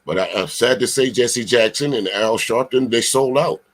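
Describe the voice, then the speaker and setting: A man talks back at a clip in a casual reaction commentary. He is blunt and emphatic, swears freely, and keeps stumbling over drawn-out filler sounds between points. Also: mid-range voice. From Charleston, South Carolina.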